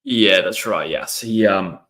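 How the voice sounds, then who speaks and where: A man's voice: low voice, slow pace, pushed and bright. A young Australian man hosting a casual live stream, commentating on a match and chatting with viewers, rambling with lots of ums. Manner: rambling, many ums, reads chat messages aloud. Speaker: footy livestream host. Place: indoors at a laptop.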